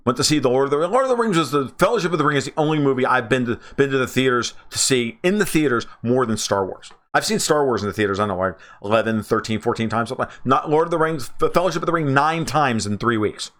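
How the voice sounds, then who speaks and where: Livestream host, man in his forties; casual, profane, emphatic, full of restarts, voice jumps up on excited lines. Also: mid-range voice, fast talker, few pauses.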